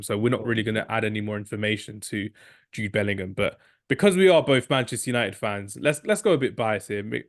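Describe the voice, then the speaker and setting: A man co-hosting a football podcast, chatting casually and cracking jokes. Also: fairly low pitch. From England. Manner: jokey, chatty, rapid asides. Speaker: podcast co-host.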